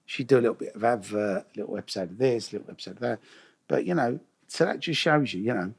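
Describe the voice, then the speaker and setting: A man's voice: mid-range voice, expressive, fast talker, gravelly, husky. A man, a guest in a casual interview, telling stories in a chatty way, swearing freely and acting out the voices of people he quotes.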